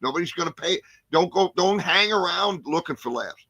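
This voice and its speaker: A man playing a tall, blunt veteran male comedian who gives gruff, matter-of-fact advice. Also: sits high, expressive, normal speed, bright, forceful tone, pitched above the performer's own voice, full character voice.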